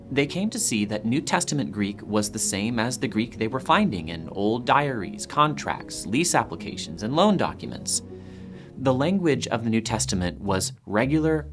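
A male presenter narrates a scripted documentary with an animated, swinging pitch. His delivery has a light, playful touch. Soft guitar plays quietly in the background.

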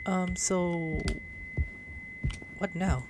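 A man playing a horror game and commenting, excitable, swearing and yelling at the screen. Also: high-pitched, very slow, slight background noise. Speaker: gamer. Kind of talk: let's play commentary. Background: game music.

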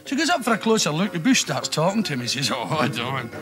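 A man's voice: high voice, very fast, over music. A man with a Glaswegian accent telling comic stories on stage, acting out characters. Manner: animated, switching voices for characters. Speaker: comedian on archive recordings. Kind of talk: stand-up storytelling.

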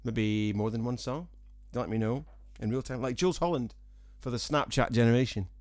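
A man with a softened Scottish accent chats to his viewers in a rambling, dry and self-mocking way, tossing jokey asides between thoughts. His voice sits at a middle pitch for a man. He is recorded in a small room at home, close and dry, with no echo. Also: normal speed. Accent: Scottish, softened by years in England. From Scotland. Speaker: singer-songwriter. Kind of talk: rambling casual vlog chat to viewers.

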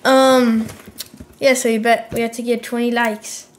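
A young woman with a fairly high voice hosts a live game stream. She talks in an offhand, laid-back way, full of slang, and keeps up easy chatter with her teammate. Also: flat delivery, a little slow, a little hiss or hum. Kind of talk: casual gaming chat.

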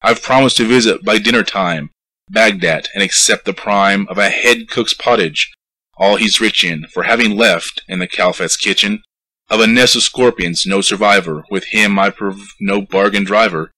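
A man reading a poem aloud, voicing a proud wandering piper who states his price calmly and firmly. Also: on the low side, moderate pace, no echo, poor audio. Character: proud wandering male piper, sly and stern. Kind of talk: poetry recitation.

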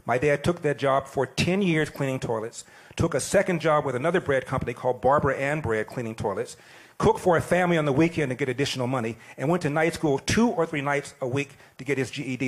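A man in his sixties giving an animated, plain-spoken storytelling speech. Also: mid-range voice, a little fast. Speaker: speaker at an event.

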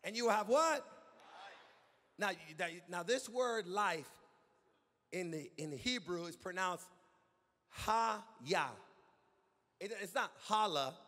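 A male pastor preaching a sermon to a congregation, building to loud shouted calls and asking the crowd to answer back. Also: sits high, lively intonation, normal speed, long pauses, big-room sound. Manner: preaching with rising shouts and call-and-response. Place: church sanctuary.

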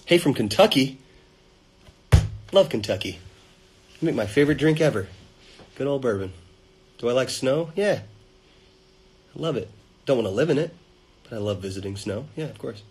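A man hosting a casual livestream, reading fan comments aloud and greeting viewers in playful, sudden loud bursts into a phone held at arm's length. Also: medium pitch, animated, moderate pace, long pauses, slight background noise, poor audio.

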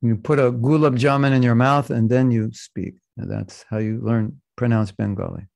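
A man teaching a scripture class, reading passages slowly and adding joking asides in between. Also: mid-range voice, fairly even intonation, creaky, a little mellow, dry recording. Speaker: spiritual teacher.

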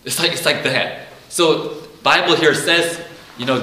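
A man's voice: fairly high pitch, unhurried, sharp tone, reverberant, poor audio. A man giving an informal Bible teaching, talking casually, repeating himself and acting out quotes. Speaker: preacher.

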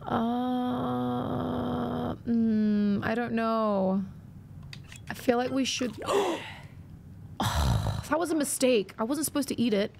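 A woman's voice: on the high side, huge pitch swings, takes it slowly, creaky, long pauses, darkish tone, a little hiss or hum. A woman live-streaming a video game, chatting playfully and reacting to her viewers' messages.

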